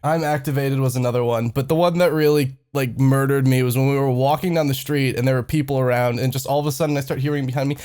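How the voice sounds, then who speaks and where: A man's voice: medium pitch, quick pace, few pauses, clean tone. A man telling stories in casual podcast chat, swearing a lot and laughing often. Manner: animated storytelling, lots of swearing and laughter. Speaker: podcast host.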